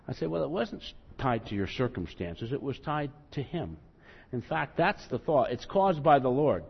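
A man's voice: mid-range voice, animated, moderate pace, gravelly, slightly rough. A male pastor preaching a sermon in a conversational, self-deprecating way, acting out quotes with rising emphasis. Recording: muffled, long hall reverb.

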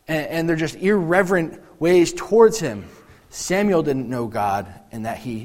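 A man preaching a sermon, reading scripture and acting out the voices in the story with animated energy. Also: on the high side, long reverb tail. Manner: animated, acts out biblical voices. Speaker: pastor.

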